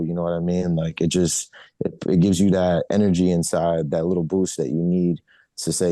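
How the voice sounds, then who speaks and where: Man, guest: very low, mellow voice, loose casual delivery full of "you know", dry sound. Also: brisk, no echo. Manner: relaxed, repeats "you know" and restarts often. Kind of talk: casual interview answers.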